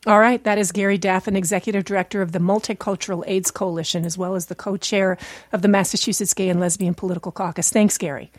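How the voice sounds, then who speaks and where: A woman hosting a public radio talk show from home, her voice scratchy from a recent illness, conversational and brisk as she introduces guests and questions. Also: medium pitch, steady tone, no room sound, studio quality. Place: home studio.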